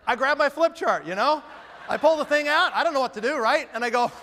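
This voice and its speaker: A middle-aged man telling a story to an audience, lively and acting out the people in it. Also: very high-pitched, a little fast. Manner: animated, acts out the people in his story. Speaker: business speaker. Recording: long reverb of a large hall.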